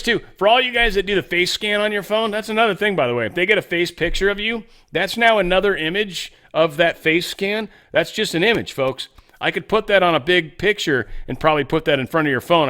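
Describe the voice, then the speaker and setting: A man's voice: mid-range voice, bright, forceful tone. A man hosting a show, giving rambling, sarcastic political commentary. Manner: rambling, sarcastic, mock voices. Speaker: podcast host.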